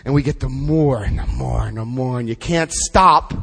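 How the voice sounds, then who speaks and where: A middle-aged man giving a personal recovery testimony to an audience, telling his story with dramatic pauses. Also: mid-range voice, vocal fry, fairly bright tone, husky. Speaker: recovery speaker. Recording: hall reverb.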